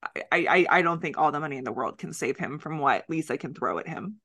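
A wry, animated woman co-hosting a podcast, with a lower voice that still sounds bright and forceful. She laughs often as she talks. The recording is dry and close. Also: a little fast, dry recording. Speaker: podcast co-host. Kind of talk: casual chat.

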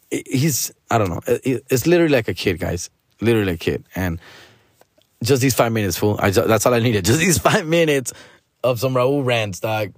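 Here a man with a fairly low voice, recorded dry at studio quality, hosts a podcast rant about a friend. Animated and casual, he mixes in Spanish slang and plays out his friend's nagging as he tells the story.

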